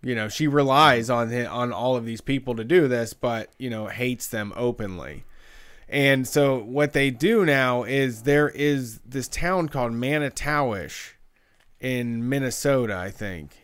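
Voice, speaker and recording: Lively man with a smooth voice. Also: medium pitch, a little slow. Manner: lively, emphatic, many fillers. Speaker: podcast co-host. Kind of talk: casual chat.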